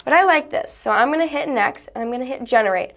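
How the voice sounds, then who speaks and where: A woman YouTuber talking through a software demo in a casual, chatty and bubbly tutorial style that wanders off on tangents. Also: high-pitched, expressive, quick pace.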